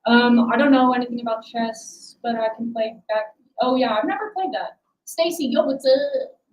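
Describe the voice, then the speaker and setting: A woman's voice: fairly high pitch, expressive, normal speed, poor audio. A young adult woman hosting a casual livestream, rambling and self-deprecating as she chats with her viewers. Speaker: livestream host.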